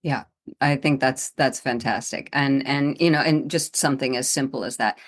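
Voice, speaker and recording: Low-voiced woman podcast host. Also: fairly even intonation, normal speed. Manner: affirming, thoughtful follow-ups. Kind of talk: interview conversation.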